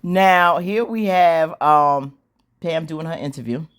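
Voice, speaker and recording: A woman casually recapping a TV drama episode, animated and slangy, acting out the characters' lines. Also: deep voice, slow pace, clean tone. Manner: animated, slangy storytelling with squealing acted-out quotes and laughs. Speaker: show recap host.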